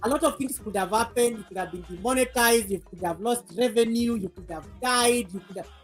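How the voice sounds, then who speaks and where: A woman's voice: a little high, fairly quick, faint music behind. A woman hosting a casual live stream, playful and laughing, out of breath after dancing. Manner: playful, laughing, bursts of singing. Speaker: livestream host.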